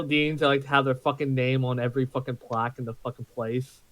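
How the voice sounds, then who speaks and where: A man's voice: mid-range voice, steady tone, brisk, fairly bright tone, dry recording, low-quality recording. A man playing a tabletop game, chatting in a joking way and swearing casually. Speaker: player.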